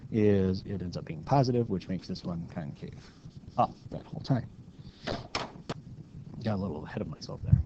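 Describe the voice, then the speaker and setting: A man's voice: fairly low pitch, dark tone, dull audio, slight background noise. A man teaching calculus in a casual, step-by-step lecture, stopping now and then to correct his own slips. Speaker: math teacher.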